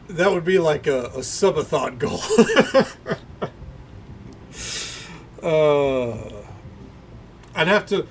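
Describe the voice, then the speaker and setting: A man's voice: on the high side, a little hiss or hum. A man, chatting casually and rambling while he streams a game. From American South. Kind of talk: casual livestream commentary.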